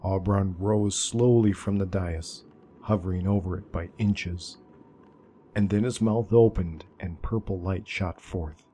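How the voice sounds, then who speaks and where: A man narrating a dark fantasy story in a slow, measured way. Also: low-pitched, steady tone, slight background noise.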